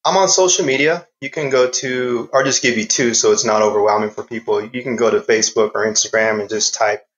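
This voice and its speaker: A middle-aged man, a fitness trainer and father, telling stories in a podcast interview with a calm, earnest, low-toned manner. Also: a little fast, poor audio. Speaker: fitness trainer and parent guest.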